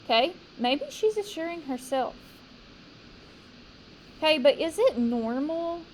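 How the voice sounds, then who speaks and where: Slow-talking woman teacher. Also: high voice, lively intonation, slight background noise, rough recording. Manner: slow, questioning, emphatic. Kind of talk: classroom poetry discussion. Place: classroom.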